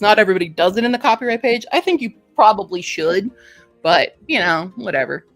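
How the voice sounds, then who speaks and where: A woman's voice: mid-range voice, lively intonation, quick pace, faint music behind. Chatty woman reviewing books. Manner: chatty, laughs often, reads aloud. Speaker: book reviewer host. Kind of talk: casual chat.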